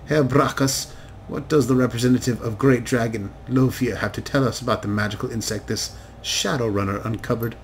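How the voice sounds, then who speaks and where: A man's voice: medium pitch, fairly even intonation, brisk, slight background noise, natural voice. A man voicing a cold, imperious wealthy father who speaks in a clipped, formal, commanding way. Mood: presiding.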